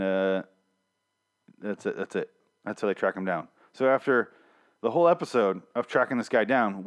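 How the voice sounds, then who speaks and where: A young man reviewing a TV episode in a casual, profane, sarcastic rant, full of exasperated complaints. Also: mid-range voice.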